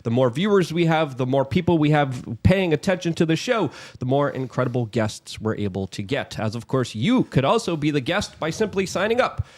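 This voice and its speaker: A man hosting a live podcast, running through plugs and sign-up pitches for viewers. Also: animated, fairly quick, few pauses, darkish tone. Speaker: podcast host.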